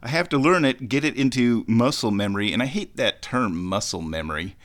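A man's voice: mid-range voice, animated, brisk, fairly bright tone. A man hosting a radio show, talking casually on his own in a rambling, easygoing, chatty way. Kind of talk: casual solo radio talk.

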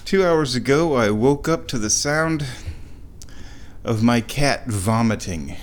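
Slow, lively-voiced man rambling at home. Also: medium pitch. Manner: rambling, self-amused, with frequent chuckles. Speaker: vlogger. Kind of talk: casual home vlog narration. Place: home, kitchen.

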